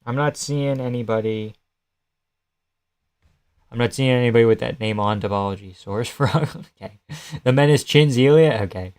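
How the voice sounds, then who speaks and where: A man's voice: mid-range voice, normal speed, long pauses, darkish tone, smooth. A young man on a casual live stream, chatting loosely and swearing while he reacts to fights and answers his chat.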